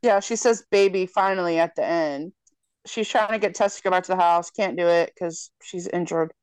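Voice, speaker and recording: A woman with a lowish, clean-toned voice speaks at a moderate pace, with no echo. In a casual podcast chat she recaps a film's plot, telling it in an animated, profane way with plenty of swearing and acted-out quotes.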